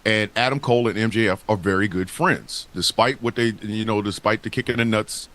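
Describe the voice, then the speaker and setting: A man's voice: fairly low pitch, fairly quick, fairly bright tone. A man co-hosting a casual wrestling talk show, speaking in a heated, profane and emphatic way. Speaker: podcast co-host.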